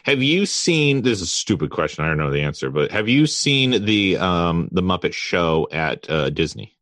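Man, podcast co-host, low voice swinging up and down, lively and agreeable. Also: normal speed, no room sound, clean studio sound. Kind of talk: casual chat.

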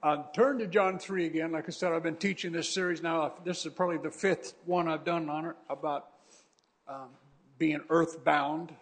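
At a church service, a pastor preaches to his congregation with fervent, exhorting energy, repeating phrases to drive them home. His voice is a little high, with fairly even intonation and a normal speaking speed.

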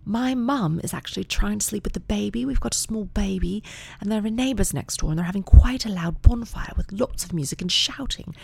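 A woman's voice: mid-range voice, a little fast, gravelly, darkish tone, breathy edge, voice pushed up. A woman doing a prim, overly polite teen girl. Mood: prim politeness. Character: polite, formal teenage girl on a phone call.

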